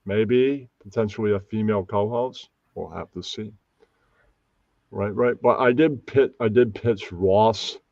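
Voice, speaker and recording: A man's voice: fairly low pitch, a little slow, a little mellow, dry recording, lo-fi sound. A man hosting a casual live stream, rambling and often losing track of names. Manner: rambling, loses names, puts on mocking voices. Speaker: stream host.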